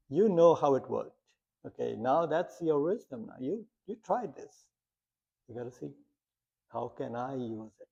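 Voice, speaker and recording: A man's voice: fairly high pitch, creaky, warm tone, husky. A man teaching a meditation class, talking plainly with lots of rhetorical questions and short stories. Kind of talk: guiding a meditation talk. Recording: muffled lo-fi sound.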